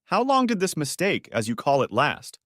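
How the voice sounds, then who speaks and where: A man's voice: on the high side, wildly swooping pitch, normal speed, fairly bright tone, dry recording, pitched above the performer's own voice. Man playing a cold, betrayed husband. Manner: caustic, commanding. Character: betrayed husband, cold and controlled, flaring angry.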